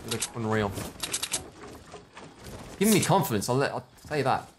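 A man's voice: mid-range voice, big pitch swings, moderate pace, slight background noise. A man joking and calling out moves to his teammate during a game. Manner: easygoing, joking callouts. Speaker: gaming teammate. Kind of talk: casual co-op gameplay chat.

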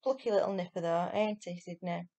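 A woman's voice: lowish voice, a little fast, warm tone, natural voice. A woman reading aloud and voicing a sly male burglar who coaxes with slang, then snarls. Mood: wheedling. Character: gruff, sly adult male burglar, turns nasty.

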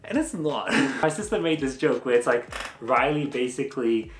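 A man talks through a movie review in a loose, rambling way, full of fillers, with laughs between his points. His voice sits at an ordinary pitch and bounces around a roomy, echoey space. Faint music plays under him. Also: lively intonation, normal speed. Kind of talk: casual spoken review.

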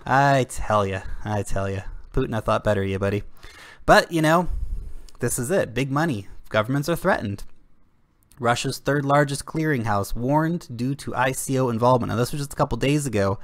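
A man's voice: mid-range voice, lively intonation, moderate pace, no echo. Indignant man ranting to camera. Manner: indignant, sarcastic, blunt and slangy. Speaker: crypto video host.

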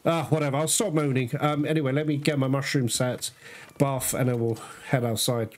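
A man's voice: mid-range voice, steady tone, brisk, slight background noise. A man giving casual, chatty commentary on his own gameplay, talking straight to viewers and swearing now and then. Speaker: gamer playing through a game.

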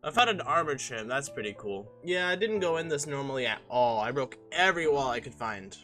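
Bright-voiced young man narrating gameplay. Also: medium pitch, animated, fairly quick, soft background music. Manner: casual, joking, self-mocking. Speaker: gaming channel host. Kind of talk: voice-over commentary on gameplay.

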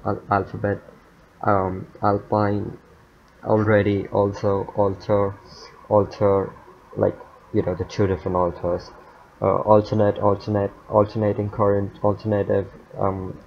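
A man reading dictionary words aloud one after another, in a monotone, with stumbles, fillers and muttered asides. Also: lowish voice, creaky. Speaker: youtuber. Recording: dull lo-fi mic with faint noise.

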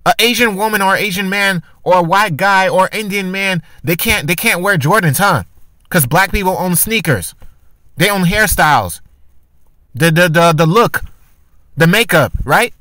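High, bright-voiced man ranting. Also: expressive, normal speed, no room sound. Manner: argumentative, with rhetorical questions and frequent restarts. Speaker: commentary vlogger. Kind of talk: casual opinion commentary.

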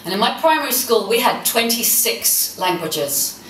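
A woman's voice: fairly high pitch, lively intonation, normal speed, fairly bright tone. Woman in her 50s from nz, funny passionate keynote talk, mic kinda far, roomy hall echo. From New Zealand. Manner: humorous, passionate storytelling. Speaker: keynote speaker. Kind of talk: conference talk. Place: conference hall. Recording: echoey hall, mic at a distance, faint noise.

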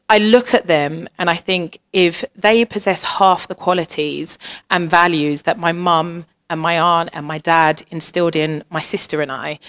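A woman's voice: on the low side, fairly bright tone. Candid, chatty woman in her thirties. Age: 30s. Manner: chatty and candid, laughs often, acts out family dialogue. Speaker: panel speaker. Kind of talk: candid panel talk.

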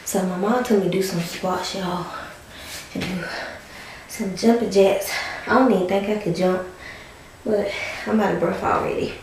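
A woman's voice: medium pitch, fairly even intonation, moderate pace, darkish tone, echoey room, a little hiss or hum, low-quality recording. A pregnant woman, chatting to her viewers in a casual vlog, out of breath from working out at home. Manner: chatty, addresses viewers as y'all. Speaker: vlogger. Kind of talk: casual vlog chat to camera. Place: bedroom in her mother's house.

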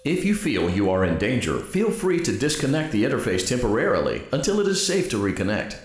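A man voicing a polite male robotic guide in a horror game, giving smooth, oddly chipper instructions. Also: mid-range voice, very animated, fairly quick. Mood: instructing.

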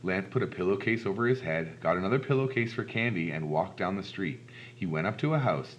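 A man reads a children's picture book aloud with lively, expressive delivery. His voice is on the low side and his pitch swings widely. The recording sounds dull and lo-fi. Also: brisk, slight background noise. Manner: expressive, animated reading. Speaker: storybook reader. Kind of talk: children's storybook read-aloud.

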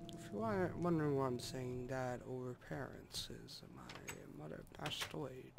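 A man's voice: medium pitch, moderate pace, creaky, heavy background noise. A man rambling casually through gameplay commentary, full of hums and asides. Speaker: let's play host. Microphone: desktop microphone. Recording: music playing loudly in the room.

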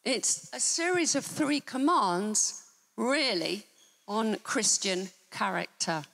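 A woman's voice: a little high, expressive, slow, gravelly, fairly bright tone. A woman preaching a sermon in a church, emphatic and teacherly, with wry asides. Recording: church hall reverb.

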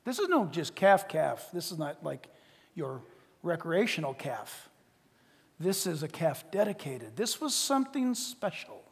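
A male pastor preaching a sermon, animated, swinging between loud exclamations and hushed asides. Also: a little high, measured pace, slightly rough, long reverb tail.

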